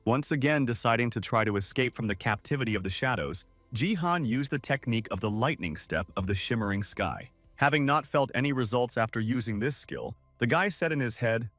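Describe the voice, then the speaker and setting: A man's voice: medium pitch, lively intonation, fairly quick, a bit bright, no echo. A man narrating a comic recap in a storytelling manner, reading quotes in line with the story. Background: faint music.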